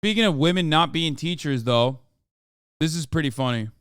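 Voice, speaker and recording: A man's voice: on the high side, animated, normal speed, fairly bright tone, clean tone, no echo, clean studio sound. Sarcastic, swearing male streamer. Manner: sarcastic, profane, rambling. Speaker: streamer host. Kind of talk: casual livestream commentary.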